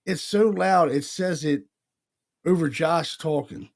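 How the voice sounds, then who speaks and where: Slow and fairly high-pitched, with vocal fry, a Pennsylvania man chats casually as co-host of a paranormal podcast. He's a paranormal investigator who tells stories loosely, performs the voices he heard, and swears casually.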